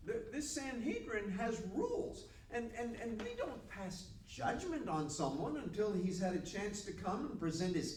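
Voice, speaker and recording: A man's voice: sits high, darkish tone, a little hiss or hum, pitched above the performer's own voice. A man voicing a polite, mild-mannered council elder who speaks hesitantly and stammers, recorded from far off in a roomy space.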